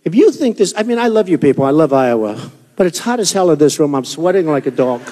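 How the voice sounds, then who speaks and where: A man's voice: a little high, animated, fast, mellow. A man in his sixties giving a boastful, rambling campaign rally speech in a hot hall. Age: 60s. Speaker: political candidate. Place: hot indoor hall with a crowd. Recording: reverberant hall with crowd noise.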